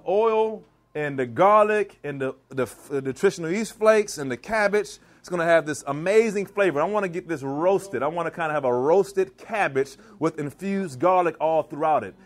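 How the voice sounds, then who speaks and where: A man with a fairly high voice and a Maryland accent runs a live cooking demo, bantering and quizzing the crowd as he works. His delivery is playful and lively, full of call and response. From Washington DC / Maryland area, US. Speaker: chef giving a cooking demo. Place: church hall, in front of a live audience.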